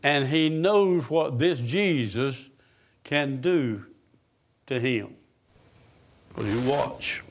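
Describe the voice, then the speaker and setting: A man's voice: medium pitch, drawn-out words, long pauses. A man preaching a sermon, asking the congregation questions and answering them himself.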